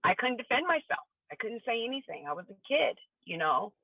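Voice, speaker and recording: A woman's voice: a little high, sing-song, fairly quick, slightly rough, no echo. A woman who is a podcast guest earnestly recounts a personal story and acts out the dialogue she remembers in the quoted voices. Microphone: phone call. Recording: tinny phone line.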